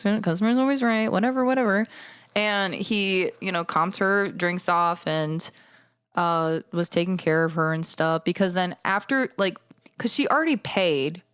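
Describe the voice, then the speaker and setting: Smooth-voiced woman telling a bar story. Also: lowish voice, dry recording, clean studio sound. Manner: animated, acts out customers and herself in quoted dialogue, swears. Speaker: podcast host. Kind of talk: casual storytelling monologue.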